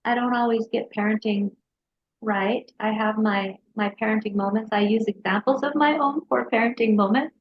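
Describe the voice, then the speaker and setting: Therapist lady telling a family story, kinda high voice, dull lo-fi audio. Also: moderate pace. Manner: lively storyteller who acts out her kids' voices. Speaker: hypnotherapist and mental health counselor. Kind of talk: interview storytelling. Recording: dull lo-fi sound.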